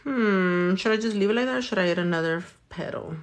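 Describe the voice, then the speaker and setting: A woman's voice: mid-range voice, brisk. A young woman doing her nails on camera, chatting casually, swearing, talking to herself, and dropping in Spanish phrases. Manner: chatty, profane, talks to herself and her hands. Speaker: nail artist. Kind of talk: casual vlog chat while doing nails.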